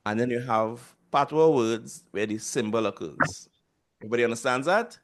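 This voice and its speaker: A man's voice: medium pitch, normal speed, a little hiss or hum. Trinidadian man teaching over a video call. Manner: patient, repeats sounds for students to echo. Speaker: language teacher. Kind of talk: online class instruction.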